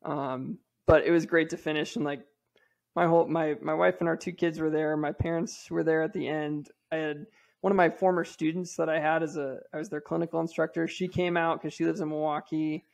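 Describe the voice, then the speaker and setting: Man, 30s, slightly high voice, gravelly, casual storytelling, self-deprecating. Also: little pitch movement, brisk. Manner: candid, self-deprecating, lots of fillers. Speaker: podcast regular telling a race story.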